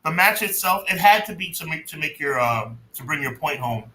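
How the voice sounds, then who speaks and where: A man's voice: a little high, expressive, brisk, bright, forceful tone. Emphatic man in an echoey room. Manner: emphatic, stretches words out for effect. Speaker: podcast co-host. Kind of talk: casual chat. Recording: echoey room with faint noise.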